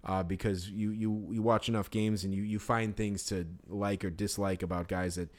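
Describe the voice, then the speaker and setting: A man's voice: lowish voice, little pitch movement, normal speed, darkish tone. A man co-hosting a casual sports podcast, talking in loose run-on sentences full of fillers. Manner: rambling, heavy on fillers like "like". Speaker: podcast co-host.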